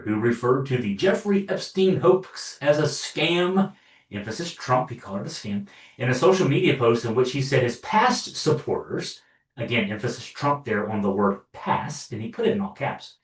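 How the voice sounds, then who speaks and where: A man's voice: medium pitch, lively intonation, moderate pace. Sarcastic male news commentator, roomy sound. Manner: sarcastic, wry asides; loose delivery with many fillers and restarts. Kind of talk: political commentary. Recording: roomy echo, distant from mic.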